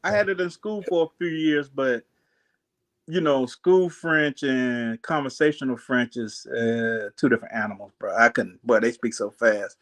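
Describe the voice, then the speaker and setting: A man's voice: medium pitch, moderate pace. A man telling a long story in casual chat, acting out voices and laughing often.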